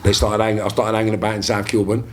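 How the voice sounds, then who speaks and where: A man with a London accent, a podcast guest telling stories in a lively, swearing, casual way and acting out what people said. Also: lowish voice, fast talker. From London, England. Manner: animated storyteller, swears freely, acts out quoted speech. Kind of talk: casual storytelling interview.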